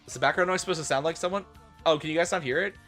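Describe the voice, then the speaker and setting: A man's voice: a little high, very fast, a bit bright. Sarcastic male streamer reading aloud. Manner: sarcastic, swearing, laughing asides. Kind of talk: comedic dramatic reading. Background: faint rock music.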